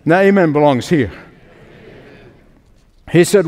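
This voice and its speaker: High-voiced man preaching slowly in a hall. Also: lively intonation. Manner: slow, emphatic preaching with rhetorical questions. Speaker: pastor. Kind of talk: sermon. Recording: long hall reverb with faint music.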